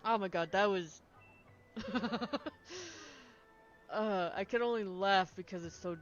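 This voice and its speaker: A woman streaming a video game, chatting casually and excitably, laughing often and trailing off mid-sentence, with a sniffly nose. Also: mid-range voice, slow pace. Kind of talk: casual gameplay stream chat. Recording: slightly dull lo-fi sound with faint game music.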